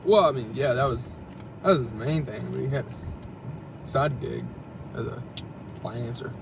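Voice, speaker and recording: A man's voice: medium pitch, moderate pace, gravelly. A young man co-hosting a casual podcast, talking loosely and profanely and joking around inside a car. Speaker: podcast co-host. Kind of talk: casual chat. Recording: distant mic with car noise.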